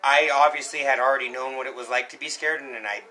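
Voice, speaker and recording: A young man co-hosting a podcast, telling a story in a casual, animated way, acting out shouts and quotes. He coughs now and then. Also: mid-range voice, fast talker, low-quality recording. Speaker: podcast co-host.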